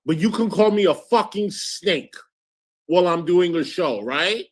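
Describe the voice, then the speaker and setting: A man's voice: sits high, animated, unhurried. Combative, sarcastic male streamer. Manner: sarcastic, combative, switching to sugary thanks for donors. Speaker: streamer host. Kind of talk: heated livestream argument.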